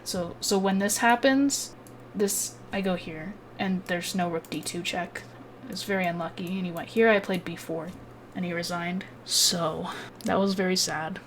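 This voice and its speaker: A woman's voice: fairly low pitch, steady tone, a little slow, a little hiss or hum. A woman with a Southern American accent, a chess streamer casually analyzing a game, chatty and swearing freely.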